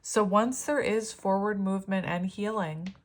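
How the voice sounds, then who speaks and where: A young woman giving a casual, rambling tarot reading with big, expressive reactions. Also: mid-range voice, a little slow. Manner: chatty, rambling, expressive, laughs often. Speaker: tarot reader.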